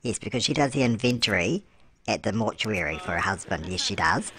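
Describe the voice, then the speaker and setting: A man's voice: lowish voice, lively intonation, brisk, pushed and bright. A man playing a chatty elderly grandmother who hosts a game commentary, calling the listener love and answering his own questions. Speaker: game host. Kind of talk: let's-play commentary. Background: music.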